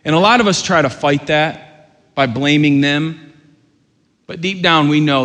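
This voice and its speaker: A man preaching a sermon as pastor, earnest and rising to loud, urgent questions. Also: a little high, unhurried, long pauses. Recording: long hall reverb.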